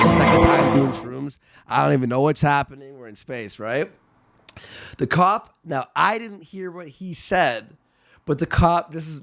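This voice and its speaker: A young man hosting a casual late-night chat, an excitable, profane storyteller. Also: medium pitch, gravelly, no echo, clean studio sound.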